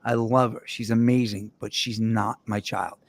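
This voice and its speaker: A man's voice: on the low side, flat delivery, normal speed, creaky. A man hosting a casual podcast, telling rambling jokey stories with his co-hosts. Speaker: host.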